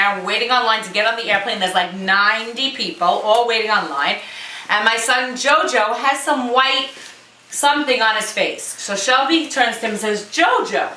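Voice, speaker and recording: A woman, a mother, telling funny family stories in an animated way for a home video. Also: fairly high pitch, a little hiss or hum. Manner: animated storytelling. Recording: echoey room, distant mic.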